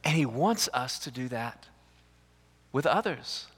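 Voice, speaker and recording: A male lead pastor, preaching a sermon in an animated way, repeating words and acting out dialogue. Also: medium pitch, takes it slowly, slightly rough. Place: church sanctuary. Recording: reverberant church hall.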